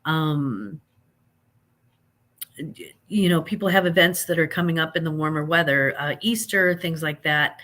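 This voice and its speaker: Chatty woman, lower voice. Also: expressive, moderate pace, fairly bright tone. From American Midwest. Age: 50s. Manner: chatty, greets viewers by name, folksy. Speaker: livestream host. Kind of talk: casual live chat with viewers.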